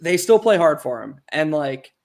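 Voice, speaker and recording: A man co-hosting a casual sports chat, talking in a halting, rambling way with many fillers and false starts. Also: fairly high pitch, big pitch swings, darkish tone. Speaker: co-host.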